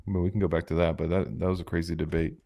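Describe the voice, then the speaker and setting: Rapid-fire and flat, this podcast co-host has a low, warm voice with vocal fry. He chats casually, rambling with lots of fillers and restarts.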